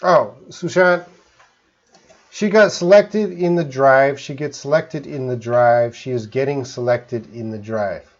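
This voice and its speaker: A Canadian man teaching English in a live stream, relaxed, explaining slowly with simple examples. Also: medium pitch, dull audio.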